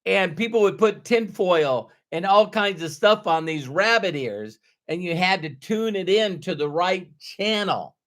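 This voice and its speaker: A man's voice: high-pitched, lively intonation, unhurried, hardly any pauses, a bit bright. A middle-aged man giving a motivational talk to camera, emphatic, repeating his key phrases for effect. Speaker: motivational speaker.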